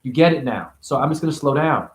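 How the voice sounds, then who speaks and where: A man's voice: expressive, fast talker. Rambling spiritual man in an echoey room. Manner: free-associating, preachy, swinging between high exclamations and low mutters. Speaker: spiritual teacher.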